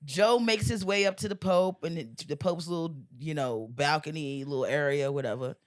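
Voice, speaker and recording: A woman in her forties, a comedian guest, telling a long joke in casual podcast chat, animated and laughing often. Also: low voice, moderate pace. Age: 40s. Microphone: studio mic.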